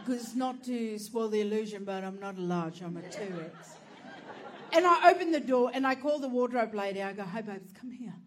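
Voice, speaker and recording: A woman's voice: on the high side, animated, moderate pace, a faint crowd. A woman telling a brash, profane, self-mocking stand-up story, laughing through her lines. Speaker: stand-up comedian.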